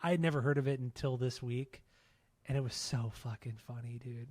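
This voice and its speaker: A man's voice: mid-range voice, a little fast, darkish tone, dry recording. A man co-hosting a podcast, telling stories in loose, profane casual chat and laughing often. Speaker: podcast co-host.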